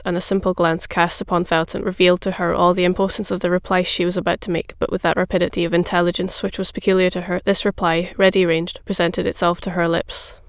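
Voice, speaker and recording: An audiobook narrator reads a classic novel in an even, measured way. The voice is low in melody, gravelly yet smooth and crisp, recorded close and dry. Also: dry recording.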